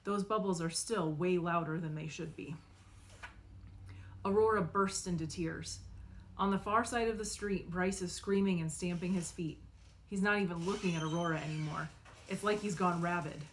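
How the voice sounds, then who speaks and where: A woman narrating a novel in the first person, expressive and acting out the dialogue. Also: lowish voice, moderate pace. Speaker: audiobook reader.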